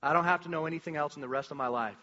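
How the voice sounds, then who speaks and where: A man shares a personal testimony before a congregation, with a bright, forceful voice. He rambles and restarts often, then acts out quoted lines with energy. The recording is dull and muffled, with long reverb from a church hall. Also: a little high, racing. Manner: rambling storytelling with many restarts and filler words. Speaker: church speaker sharing a testimony.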